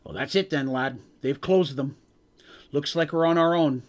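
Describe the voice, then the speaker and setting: A man's voice: a little high, normal speed, lightly acted. A man putting on a sad old Scottish dwarf. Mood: resigned. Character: kindly older male dwarf, sad and gentle.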